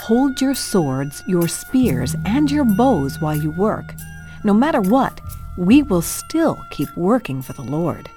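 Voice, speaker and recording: A woman's voice: medium pitch, sing-song, takes it slowly, warm tone, faint music behind. A woman voicing Nehemiah, a humble and faithful young servant in a children's Bible storybook, speaking earnestly. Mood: encouraging. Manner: earnest and encouraging.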